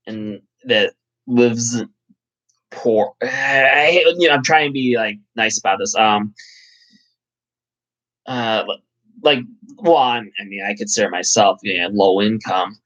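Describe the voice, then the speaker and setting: A man's voice: medium pitch, slow, long pauses, pushed and bright, dull audio. A man hosting a casual live chat, rambling and swearing, with lots of fillers. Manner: rambling, profane, full of fillers. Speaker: channel host.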